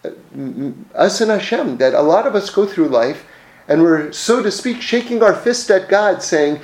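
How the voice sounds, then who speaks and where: A man leads a Torah lesson through stories, his voice sitting high. He tells them animatedly and often restarts his phrases. The recording carries a noticeable room echo. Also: normal speed. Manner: animated storytelling with many restarts. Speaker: Torah teacher. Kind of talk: religious class, story-driven teaching. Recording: echoey room.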